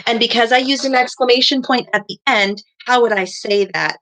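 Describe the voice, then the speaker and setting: A young woman teaching a second grade class over a live stream, praising students warmly and spelling things out slowly. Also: fairly high pitch. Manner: encouraging, slow and deliberate with children.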